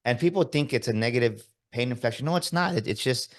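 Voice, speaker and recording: Guy hosting a podcast, mid-pitch voice, gets really animated telling stories. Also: quick pace. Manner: animated storyteller, often asking "right?". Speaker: podcast host. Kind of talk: casual interview chat.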